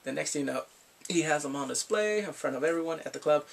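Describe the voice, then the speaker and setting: A man's voice: on the high side, expressive, fast, creaky, recorded from a distance. A man casually recapping and reviewing a TV episode, laughing often and acting out characters' lines.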